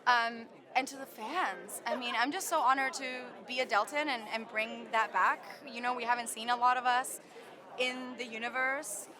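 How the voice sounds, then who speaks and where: Excited actress from Canada, slightly high woman's voice, street crowd chattering behind; gushing premiere interview. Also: moderate pace. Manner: bubbly, gushing, lots of "like". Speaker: actress at her film premiere. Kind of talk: red carpet interview. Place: outdoor red carpet premiere. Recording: loud crowd noise outdoors.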